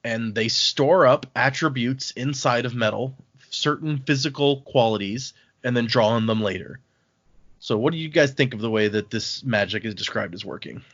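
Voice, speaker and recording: A man hosting a casual book discussion podcast, recapping chapters in an animated way. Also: mid-range voice, normal speed, highs cut off. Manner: animated recap, acts out quotes. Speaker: podcast host.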